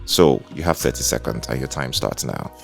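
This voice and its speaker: Nigerian male radio host, very deep gravelly voice that swings widely, playful and teasing. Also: lively intonation, brisk, faint music behind. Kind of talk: casual radio interview.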